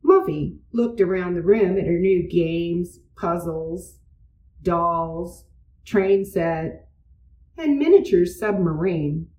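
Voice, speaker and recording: Storybook narrator, woman, unhurried, mellow, roomy distant mic. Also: on the low side. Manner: expressive, changes voices for characters. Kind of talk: storybook read-aloud.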